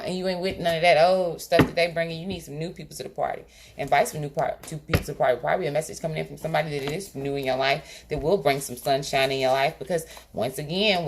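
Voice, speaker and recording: A woman doing a tarot reading straight to her viewers, in a casual, colloquial style. She is emphatic and often stops to check in with "okay?". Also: low voice. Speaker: tarot reader. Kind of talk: direct-to-camera tarot reading.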